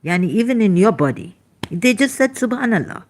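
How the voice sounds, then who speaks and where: A woman's voice: mid-range voice, animated, brisk, darkish tone. A woman in pain giving an emphatic, rambling lecture, scolding her listeners. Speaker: religious critic. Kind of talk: lecturing monologue.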